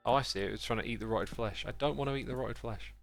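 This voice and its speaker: A man's voice: mid-range voice, quick pace, vocal fry, fairly bright tone, soft background music. A man streaming a game live, chatting and muttering to himself as he plays. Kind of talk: casual gaming livestream commentary.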